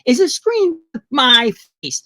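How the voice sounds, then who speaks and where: Alone at home, a man performs a comic monologue into his laptop on a video call, ranting at the camera in an agitated, profane way. His very high voice is sing-song, unhurried, pushed and bright, and the recording is dry.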